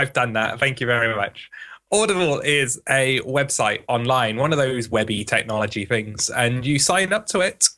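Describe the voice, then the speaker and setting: Upbeat male co-host, bright crisp tone, breezy. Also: mid-range voice. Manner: enthusiastic, breezy. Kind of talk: casual podcast chat, reading an ad.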